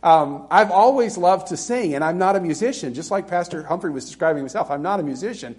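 A middle-aged pastor from Alabama preaches in a loose, conversational way and pokes fun at himself. His voice sits fairly high for a man. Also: animated, brisk, darkish tone. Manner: conversational, self-deprecating, with laughing asides. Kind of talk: sermon.

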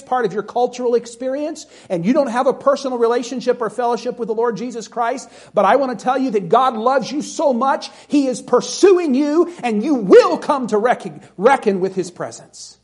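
A man preaching a sermon, reading scripture and pleading earnestly with his listeners. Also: high voice. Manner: earnest, pleading, reads scripture in King James wording.

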